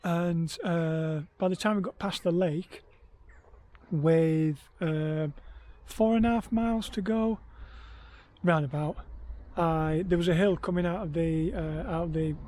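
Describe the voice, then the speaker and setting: A man's voice: a little high, measured pace, darkish tone. A man, worn out after heatstroke, vlogging about his ultra run in a rambling, hesitant way with many ums. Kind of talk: casual self-filmed vlog.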